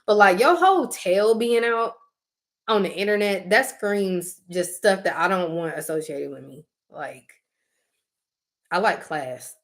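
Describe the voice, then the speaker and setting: A woman's voice: mid-range voice, a little slow. A young adult woman co-hosting a casual chat, telling stories animatedly with laughing asides and acted-out quotes. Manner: animated storytelling, acting out quotes; frequent fillers and laughing asides.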